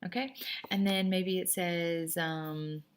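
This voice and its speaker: A woman's voice: fairly low pitch, steady tone, takes it slowly, slight background noise. A woman French teacher giving a recorded class lesson in an upbeat, chatty, encouraging way at a computer microphone.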